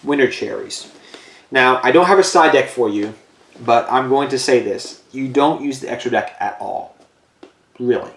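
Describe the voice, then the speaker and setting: Man, mid-pitched, rambling casual talk, tired and winded, echoey room. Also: moderate pace. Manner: loose, rambling, lots of restarts and "you know". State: tired and out of breath. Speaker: card game YouTuber. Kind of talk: casual deck profile talk. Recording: roomy echo.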